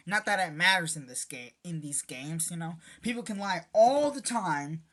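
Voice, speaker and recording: A woman's voice: lowish voice, lively intonation, moderate pace, few pauses, fairly bright tone. A woman casually narrating her playthrough of a visual novel, with chatty asides and self-corrections. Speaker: let's-play narrator. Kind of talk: casual gameplay commentary.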